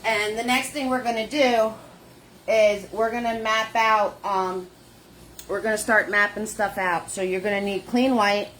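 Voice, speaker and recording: A woman leading a live painting lesson, chatty and warm with viewers, greeting them by name in sing-song hellos. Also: medium pitch, steady tone, measured pace, a little hiss or hum. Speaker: painting instructor.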